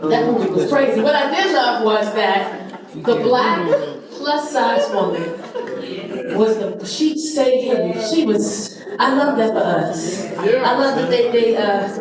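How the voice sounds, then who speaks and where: A woman's voice: fairly high pitch, animated, slow pace, crowd noise. A woman in her forties doing a stand-up set, brash and profane as she tells stories. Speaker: stand-up comedian. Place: comedy club stage. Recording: echoey room, distant mic, audience. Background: audience laughter.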